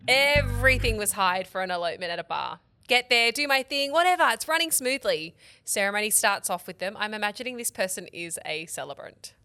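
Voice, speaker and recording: A woman from Australia co-hosting a wedding podcast, reading stories aloud in a quick, dry way, often laughing as she reads. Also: mid-range voice, animated, bright, forceful tone, faint music behind. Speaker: podcast co-host, wedding celebrant.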